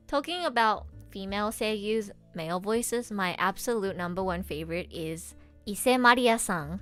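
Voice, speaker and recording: A young woman, a voice actress, chatting casually on a live stream, gushing excitedly with frequent giggles. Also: mid-range voice, moderate pace, soft background music. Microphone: laptop streaming setup.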